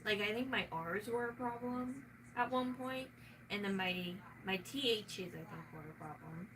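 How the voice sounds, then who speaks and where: A woman with a Southern US accent chats casually, rambling from one thought to the next and swearing often. Her voice sits a little back from the microphone, and steady background noise runs under it. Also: medium pitch, measured pace. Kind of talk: casual chat. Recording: noisy room, mic at a distance.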